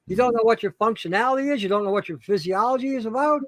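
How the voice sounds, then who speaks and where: A man from Canada with a high-pitched voice who talks bluntly and emphatically, hammering his points with repetition and swearing. The recording sounds dry and close. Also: quick pace, fairly bright tone, no echo. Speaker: guest, show host himself. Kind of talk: blunt profane ranting.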